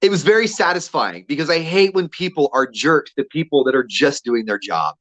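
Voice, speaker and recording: A man's voice: on the high side, animated, brisk, fairly bright tone. A man co-hosting a radio show, telling a story casually and acting out the quotes with energy.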